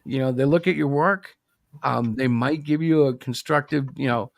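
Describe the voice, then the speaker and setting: A man's voice: medium pitch, normal speed, gravelly, no echo, clean studio sound. A man co-hosting a livestream about comics, talking in a casual, rambling and opinionated way. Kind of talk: casual chat.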